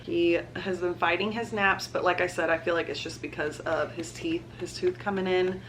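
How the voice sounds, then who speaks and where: A woman's voice: lowish voice, steady tone, moderate pace, fairly bright tone, slight background noise. A young woman, chatting casually to camera as a mom vlogger and laughing often.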